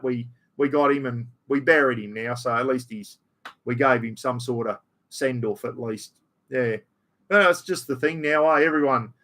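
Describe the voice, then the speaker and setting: A middle-aged Australian man with a medium-pitched, fairly bright voice chats casually on his livestream, reading out chat comments. He's broad and blokey, saying "mate" and "bloody" a lot, in a room at home with the aircon running.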